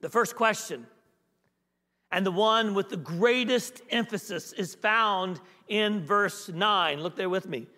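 Guest preacher, male, high and bright, conversational and repetitive, long church reverb. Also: slow pace. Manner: repeats key phrases for emphasis; conversational, asks the congregation questions. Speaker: guest pastor. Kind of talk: sermon.

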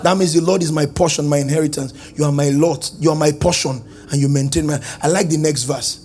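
High-voiced preacher. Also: male voice, steady tone, fairly quick, faint music behind. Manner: call-and-response preaching, sing-song swings into shouting. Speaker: pastor. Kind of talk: sermon. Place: church service.

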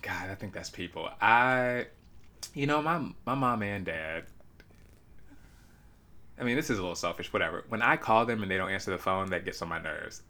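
A man in a relaxed podcast conversation, his voice sitting fairly low. He tells stories in an animated way and slips into quick impressions of other people. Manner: animated storytelling, mimics others. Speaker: podcast co-host. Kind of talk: casual chat.

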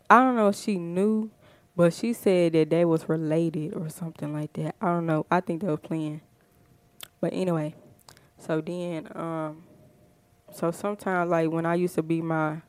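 A woman's voice: fairly low pitch, darkish tone, clean tone, no echo. A woman podcast host, telling a story in a chatty, rambling way with lots of fillers. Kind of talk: casual storytelling.

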